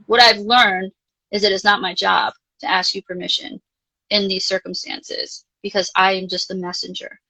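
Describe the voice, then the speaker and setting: Bright-voiced woman telling a spiritual story. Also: medium pitch, moderate pace, low-quality recording. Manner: chatty, animated, frequent filler "like", casually profane. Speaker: guest, life coach. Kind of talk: casual storytelling in a live interview.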